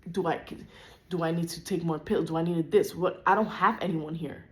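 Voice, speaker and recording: A woman's voice: lowish voice, fairly even intonation, moderate pace. A young woman vlogging a frustrated personal rant, upset and close to tears, with lots of "like" in her talk. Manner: frustrated, venting, heavy use of "like".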